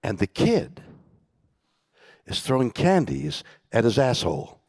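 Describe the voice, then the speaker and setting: An older man telling a story as a keynote guest on stage, theatrical, dropping from loud bursts into hushed whispers. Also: medium pitch, wildly swooping pitch, a little slow, no room sound, studio quality. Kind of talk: dramatic storytelling conversation. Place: conference stage.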